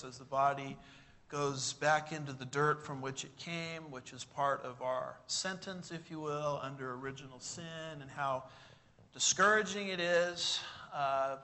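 A man delivers a sermon before a live congregation. His voice is bright and sits a little high for a man, and he leans on rhetorical questions and emphatic phrasing to drive each point home. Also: slight background noise. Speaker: pastor.

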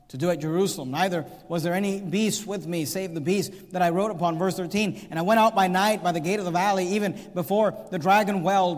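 A man with a notably high voice preaches a sermon, reading scripture and driving his points with rising emphasis. His voice rings with the long reverb of a large hall. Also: a little mellow. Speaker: pastor.

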